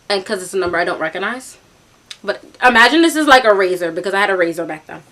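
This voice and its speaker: A young woman from New York telling a storytime vlog, animated and chatty, with lots of fillers, acting out the voices as she goes. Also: medium pitch, fast. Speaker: vlogger.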